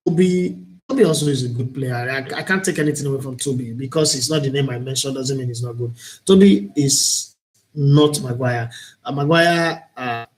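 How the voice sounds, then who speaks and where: A man's voice: medium pitch, normal speed. A man with a Nigerian accent hosting a live-streamed talk show, speaking in an earnest, opinionated, reflective way. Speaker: host and broadcaster.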